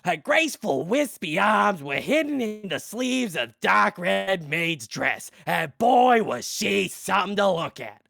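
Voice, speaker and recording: A man's voice: high-pitched, very animated, measured pace, creaky, hardly any pauses, sharp tone, no room sound, studio quality. A young man, a voice actor, reading novel narration aloud, building it up dramatically. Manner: dramatic, builds to big declamation.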